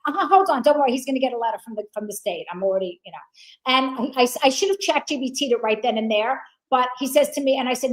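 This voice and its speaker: A woman's voice: high voice, fast talker, rough recording. A woman telling a story in a casual chat, acting out the other people's lines and swearing freely. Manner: animated storyteller, acts out dialogue, swears. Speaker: guest.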